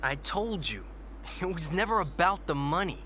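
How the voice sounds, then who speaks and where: A curt, bitter young skater hero in a game cutscene, pitched a little high. Clear noise runs under his lines. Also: big pitch swings, moderate pace, pushed and bright. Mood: defiant. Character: angry young male skater hero, defiant. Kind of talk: video game cutscene acting.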